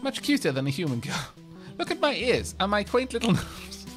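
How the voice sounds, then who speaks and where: A sneaky young cat girl stowaway from a video game, as a man reads her lines aloud. She keeps her voice hushed and pleading, then turns playful, with lively swoops of pitch. Soft music sits faintly underneath. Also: normal speed.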